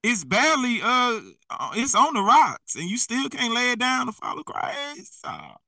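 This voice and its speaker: A man's voice: extremely high pitch, wildly swooping pitch, normal speed, vocal fry, bright, forceful tone, dry recording, far from the mic, rough recording. A man preaching in a blunt, slangy, exhorting way, often laughing at himself. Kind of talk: fiery street-style preaching.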